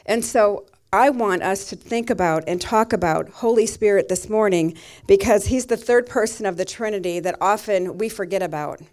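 A woman's voice: mid-range voice, moderate pace, hardly any pauses, darkish tone. A middle-aged woman pastor giving a sermon, telling a personal story in a tender, emotional way.

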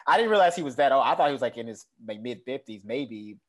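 A man in casual conversation about a film, animated and profane, acting out imagined quotes with laughter. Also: mid-range voice, fast talker, slight background noise. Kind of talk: casual movie chat.

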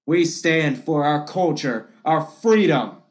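A man's voice: fairly high pitch, animated, takes it slowly. A man hosting a podcast, giving a political monologue in an impassioned, repetitive and combative way. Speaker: podcast host.

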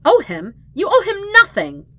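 A woman's voice: mid-range voice, animated, measured pace, pitched above the performer's own voice. A woman reading aloud and voicing a fierce, grieving teenage girl who talks sharply and snaps. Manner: sharp, snappish, demanding.

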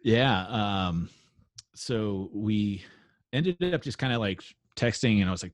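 A man with a very low voice tells a loose, rambling story, leaning on fillers and cursing freely. He sounds like a touring musician chatting on a podcast. The sound is dry and close, with no room around it. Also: slow, dry recording. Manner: rambling, profane, laid-back storytelling with many fillers. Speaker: musician guest. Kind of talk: casual storytelling chat.

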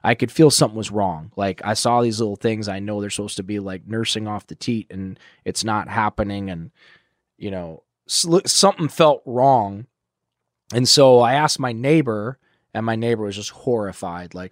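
Profane, rambling man with a low voice. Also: brisk, no room sound, studio quality. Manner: rambling, profane, animated when quoting others. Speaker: guest in recovery. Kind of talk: candid storytelling interview.

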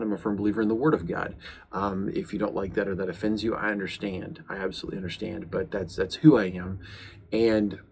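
Deep-voiced earnest man rambling. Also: gravelly. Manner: rambling, earnest, with many uhs and restarts. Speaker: podcast host and police chaplain. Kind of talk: casual podcast monologue.

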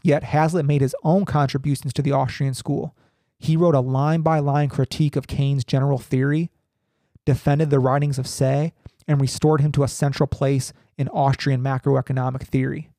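A young man reading a text aloud in a halting way, full of ums and restarts, with casual asides. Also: medium pitch, little pitch movement, dark tone, no room sound, clean studio sound. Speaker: podcaster reading and commenting.

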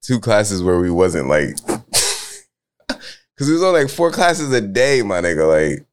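Animated man with a Mississippi accent. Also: on the low side, unhurried, a little hiss or hum. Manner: loud, animated storytelling with slang and profanity. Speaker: podcast co-host. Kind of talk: casual chat.

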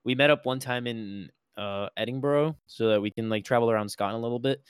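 A man's voice: mid-range voice, a little fast, clean tone, no echo, studio quality. A man from Puerto Rico co-hosting a podcast, telling anecdotes in a rambling, filler-heavy way. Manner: rambling, many fillers and restarts. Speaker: podcast co-host. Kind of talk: casual chat, storytelling.

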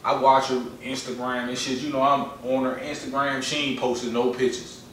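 A man's voice: medium pitch, level tone, moderate pace, fairly bright tone, very echoey, distant mic, slight background noise, poor audio. A man in casual podcast chat, slangy and rambling, often repeating himself.

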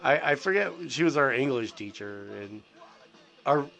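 Gravelly middle-aged man rambling profanely. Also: mid-range voice, expressive, normal speed, fairly bright tone, faint music behind. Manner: profane, heavy on fillers and restarts. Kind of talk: rambling casual storytelling.

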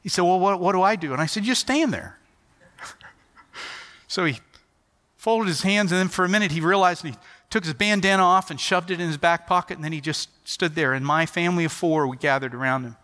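A man's voice: fairly high pitch, a little fast, bright, forceful tone. A middle-aged man preaching a sermon, telling stories animatedly and acting out the dialogue. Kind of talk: sermon storytelling. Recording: long hall reverb.

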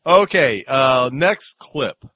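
A man hosts a relaxed movie review podcast, chatting and laughing easily between clips. His voice sits at an average pitch. The recording is very dry, with no room sound around him. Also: slow pace, no echo. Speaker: podcast host. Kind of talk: casual movie review chat.

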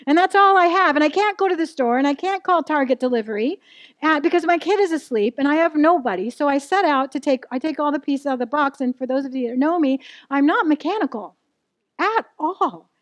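Middle-aged female preacher, high voice, dry recording, candid and conversational with the congregation. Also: a little fast, dry recording. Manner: candid storytelling, asks the audience questions. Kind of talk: sermon to a live church audience.

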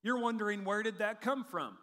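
A man preaching a sermon in an animated, humorous way, acting out quotes from the text. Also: high-pitched, brisk. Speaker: pastor. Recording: long hall reverb.

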